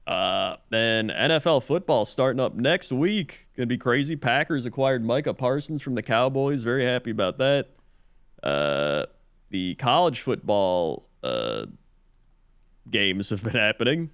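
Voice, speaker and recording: A man's voice: mid-range voice, lively intonation, unhurried, fairly bright tone, clear, resonant tone, dry recording, studio quality. A man co-hosting a podcast, reading out sports in an easygoing, hesitant way with many fillers. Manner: easygoing, hesitant, many "uh"s while looking things up. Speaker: podcast co-host. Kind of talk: casual chat, mock news segments.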